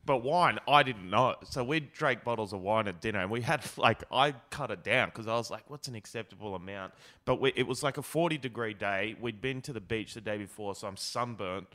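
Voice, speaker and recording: A man's voice: lowish voice, a little fast, pushed and bright. A young Australian man telling rambling comic anecdotes on a podcast and acting out other people's lines. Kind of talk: casual comedic storytelling.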